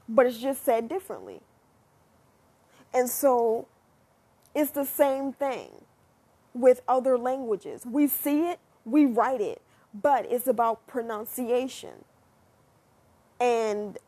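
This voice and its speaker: A high-pitched young woman from the United States talks straight to camera in a loose, chatty monologue. Her voice is airy and a little husky, and she drifts between musing and animated asides, with the odd swear word. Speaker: vlogger.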